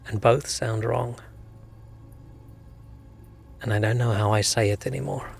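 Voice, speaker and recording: A man's voice: fairly low pitch, fairly even intonation, a little slow, creaky, pauses often, soft background music. A man streaming a video game, rambling and musing aloud in casual commentary.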